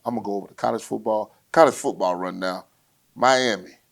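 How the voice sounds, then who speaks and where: A fairly low-voiced man runs through the week's football on his own podcast. He talks loud and swaggering, throwing trash talk straight at his listeners. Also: brisk, gravelly, heavy background noise. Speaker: podcast host. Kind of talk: solo sports rundown, casual and brash.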